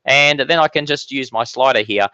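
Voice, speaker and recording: A man's voice: medium pitch, moderate pace, bright, forceful tone, smooth, no room sound, highs cut off. A man hosting a casual live-stream Q&A from his home office, chatty and upbeat with many fillers and restarts. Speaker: weather channel host answering viewer questions.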